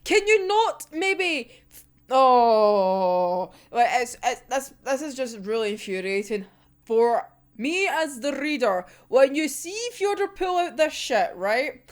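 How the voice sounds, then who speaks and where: A woman hosting a casual manga reaction, ranting excitably, swearing often and laughing a lot. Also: high voice, slow. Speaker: manga reviewer.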